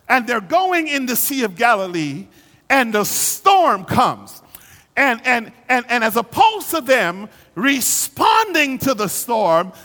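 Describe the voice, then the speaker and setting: Man preaching, very high voice, bright, sermon with rising shouts, long church reverb. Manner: preaching that swells into fervent shouting. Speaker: pastor.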